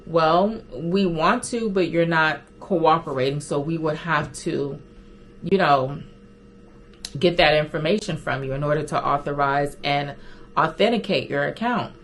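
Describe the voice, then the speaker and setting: A woman's voice: low voice, measured pace, slight background noise. A woman voicing a polite customer-service supervisor. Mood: firm. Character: calm female work supervisor verifying a caller.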